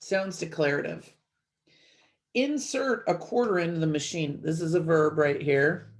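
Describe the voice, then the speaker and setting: A woman's voice: low voice, a little slow. Woman teaching a step-by-step grammar lesson. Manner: clear step-by-step explaining to students. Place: at a desk, screen-sharing a worksheet.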